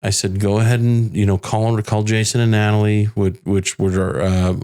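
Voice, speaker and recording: A bereaved father, a podcast guest, recounting a hard personal story in a halting way with many restarts. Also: lowish voice, little pitch movement, dark tone. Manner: halting, restarts often, quotes others' words. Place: home in the Phoenix area.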